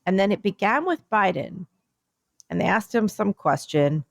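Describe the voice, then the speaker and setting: A woman co-hosting a podcast, chatting casually and telling a rambling, animated story. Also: medium pitch, moderate pace, vocal fry, no echo. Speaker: podcast co-host. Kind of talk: casual chat.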